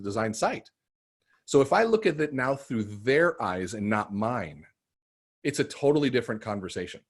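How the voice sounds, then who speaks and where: Animated male sales coach on a call. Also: mid-range voice. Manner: animated storytelling, swinging from loud bursts to quiet emotion. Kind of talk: live sales training session.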